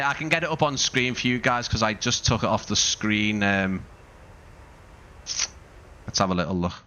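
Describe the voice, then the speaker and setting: A man's voice: fairly low pitch, bright, forceful tone, a little hiss or hum. A man hosting a casual live stream through a wireless headset mic, rambling with lots of fillers and restarts. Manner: rambling, many fillers and restarts, laughs often. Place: home streaming room. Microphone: wireless gaming headset.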